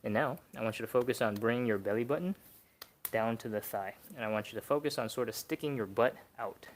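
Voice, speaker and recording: A young man coaching a relaxed, beginner-friendly stretch routine from home. He talks easily and encouragingly, walks through each position step by step, and counts the holds down out loud. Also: medium pitch, fast, slight background noise. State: out of breath. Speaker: stretching instructor. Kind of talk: live-streamed workout instruction.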